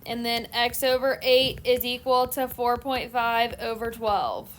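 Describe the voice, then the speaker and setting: A woman math teacher explains each step of a problem in a steady, methodical classroom lecture. Her voice sits a little high, with a faint hiss in the background. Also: unhurried.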